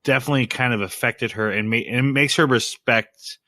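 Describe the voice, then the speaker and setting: A man's voice: mid-range voice, fairly quick, pushed and bright, no echo, studio quality. A man co-hosting a podcast, retelling an anime episode in casual chat, rambling and laughing as he goes. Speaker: podcast co-host.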